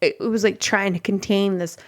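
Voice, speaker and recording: Chatty animated woman giving advice. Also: medium pitch, fairly quick. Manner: chatty and animated, acts out quotes. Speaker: relationship podcast host. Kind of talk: casual advice monologue.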